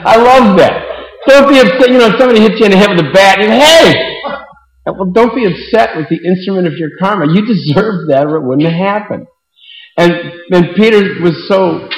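A man giving an informal devotional talk to a group, telling stories and acting out the people in them. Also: fairly high pitch. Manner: animated storyteller acting out quotes. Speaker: book distributor speaking to devotees. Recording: echoey hall with long reverb.

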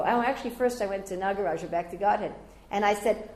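An older woman giving a devotional scripture class, telling stories lively and raising her voice high whenever she quotes others. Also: quick pace, creaky, few pauses. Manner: animated storyteller, jumping high when quoting others. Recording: roomy echoey room.

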